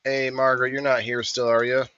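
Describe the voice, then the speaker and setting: A man's voice: mid-range voice, little pitch movement, fairly quick, bright, forceful tone, clear, resonant tone, no room sound, dull audio. A man hosting a casual live stream, rambling and joking as he greets viewers by name. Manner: rambling, jokey, addresses chat viewers by name. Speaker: livestream host.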